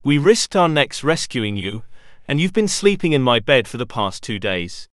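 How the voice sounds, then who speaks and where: A man's voice: mid-range voice, very animated, moderate pace, fairly bright tone, no room sound, studio quality. A man doing a sniffly, snappish pirate rat.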